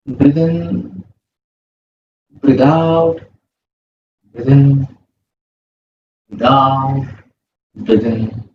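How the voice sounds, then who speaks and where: A man, leading a yoga class with calm, slow breathing cues. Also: fairly high pitch. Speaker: yoga instructor. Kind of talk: guided yoga instruction. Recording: roomy, distant, muffled with faint hum.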